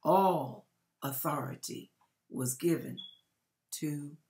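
Older woman preacher, low-pitched, unhurried, dramatic storyteller with loud-to-soft swings. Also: slight background noise. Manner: emphatic, folksy. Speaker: ministry preacher. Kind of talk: dramatic testimony.

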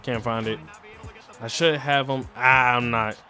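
A man with a bright, forceful voice runs casual commentary over his own football video game, one moment mumbling to himself and the next shouting at the screen. A faint bed of music plays underneath him. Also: measured pace. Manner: talks to himself, swings from low muttering to excited yelling. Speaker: gaming channel host.

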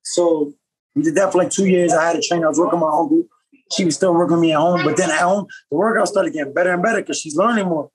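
A man from upstate New York, a professional boxer, telling stories as a podcast guest in a casual, slangy, animated way. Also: fairly high pitch, crowd noise, rough recording. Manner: fast, slangy, animated storytelling. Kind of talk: casual storytelling.

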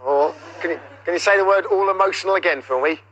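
A man's voice: high voice, fast, a bit bright, lo-fi sound. A man hosting a TV show, teasing his guest in a theatrical, playful way. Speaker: TV host. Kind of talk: playful studio presenting.

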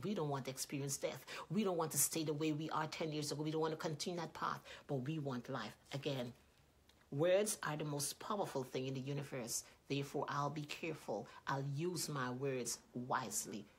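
A middle-aged woman preaching with fervor, her voice husky and set a little low. She drives her points with rising emphasis, then softens into hushed prayer. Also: brisk. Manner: impassioned, rising to emphatic peaks then dropping to quiet prayer. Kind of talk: sermon.

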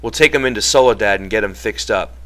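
A man reading an audiobook and voicing a calm, authoritative veteran ranch hand who speaks steadily and firmly. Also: lowish voice, fast talker, natural voice. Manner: steady, commanding.

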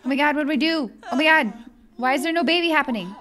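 Hosting a gaming video, a young woman gives excitable, chatty let's-play commentary, thinking aloud as she plays. Her voice is high-pitched and she talks fast.

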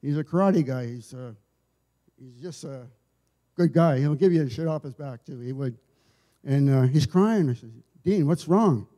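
A man giving an informal church sermon, telling stories in a halting way, often repeating and restarting his words. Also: mid-range voice, warm tone. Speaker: lay preacher. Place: church service.

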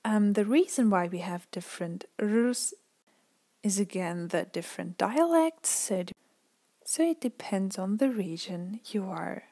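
A woman teaching pronunciation, saying example words slowly and carefully and repeating them for the learner. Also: mid-range voice, lively intonation, mellow, no room sound. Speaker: language teacher. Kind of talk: pronunciation lesson.

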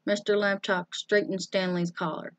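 A woman reading a children's storybook aloud, slowly and carefully. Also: mid-range voice, level tone, no room sound. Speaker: storybook reader.

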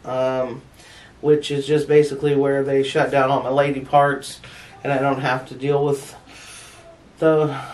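A woman's voice: a bass voice, darkish tone, far from the mic. A woman vlogger telling a personal story in a frank, chatty way, laughing often and swearing bluntly. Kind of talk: casual storytelling to camera.

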